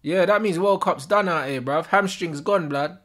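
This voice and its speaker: A young man giving a live, sweary football watch-along, shouting at players and the referee in street slang. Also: sits high, moderate pace, a little hiss or hum. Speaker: football fan streamer.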